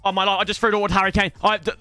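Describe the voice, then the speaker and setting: A young man commentating live on his football video game, excitable and jokey, often shouting at the play. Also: high-pitched, racing, over music. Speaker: gaming streamer.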